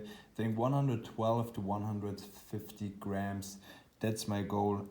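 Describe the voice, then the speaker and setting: A young man with a low voice talks casually to camera in a fitness vlog. He rambles in a halting way and keeps correcting himself mid-sentence. His tone is unhurried and mellow. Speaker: fitness vlogger.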